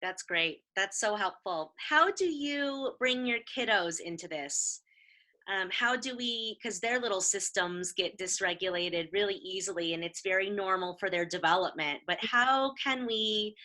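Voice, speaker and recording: A woman's voice: mid-range voice, a little slow, sharp tone, poor audio. A woman hosting an interview as a counselor, speaking in an encouraging, reflective way to mothers. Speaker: host and counselor. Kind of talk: casual interview chat.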